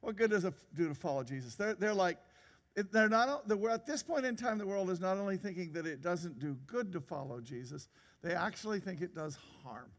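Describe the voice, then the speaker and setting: A man's voice: high voice, moderate pace, fairly bright tone, in a large hall. A man preaching a sermon in a church, conversational, with rhetorical questions and frequent restarts. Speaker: pastor.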